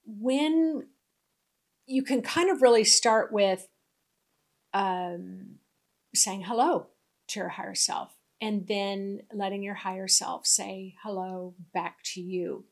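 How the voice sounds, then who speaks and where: A middle-aged woman giving a gentle, unhurried spiritual teaching talk with soft asides. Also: mid-range voice.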